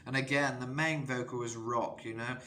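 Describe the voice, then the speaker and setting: A man's voice: medium pitch, normal speed. Rambling male vocal coach, noisy room. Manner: rambling, filler-heavy, bursts into sung demos. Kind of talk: casual vocal analysis lesson. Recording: steady background noise.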